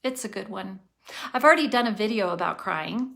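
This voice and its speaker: A woman's voice: mid-range voice, lively intonation, fairly quick, vocal fry, sharp tone. A woman talking to camera in a casual vlog, earnest and passionate, thinking aloud between sighs and laughs. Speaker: vlogger.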